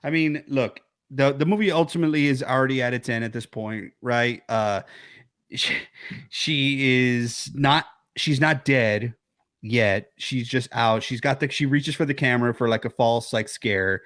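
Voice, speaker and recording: A man co-hosting a horror film podcast over a remote call, retelling scenes with swearing and sudden high-voiced bits. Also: measured pace. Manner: animated, swearing, acts out scenes in high yelps. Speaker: podcast co-host. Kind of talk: casual film chat.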